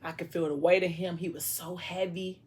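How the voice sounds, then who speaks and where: A woman voicing a troubled, guarded young man who speaks in low, subdued street slang. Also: fairly even intonation, normal speed, a little mellow, close to an everyday voice. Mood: weary.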